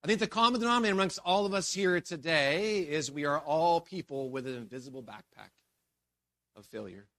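A male pastor preaching with lively, animated storytelling. His voice sits fairly high for a man and swings from emphatic bursts to quiet, hushed moments. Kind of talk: sermon.

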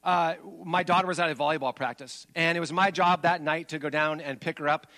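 Male pastor, forties, higher register; honest, self-revealing sermon delivery with lively peaks and hushed confessions. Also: a little fast. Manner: candid and confessional, swings between animated emphasis and low quiet admissions.

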